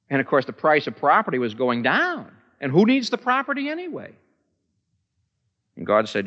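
A man's voice: medium pitch, fairly bright tone. A man preaching a sermon in a large church, emphatic and fond of repeating words for effect. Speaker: pastor. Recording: echoey church hall, dull lo-fi sound.

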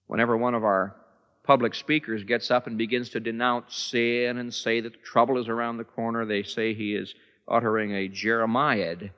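A man's voice: a little high, bright, forceful tone. A man preaching a sermon in a large church, emphatic and fond of repeating words for effect. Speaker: pastor. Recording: echoey church hall, dull lo-fi sound.

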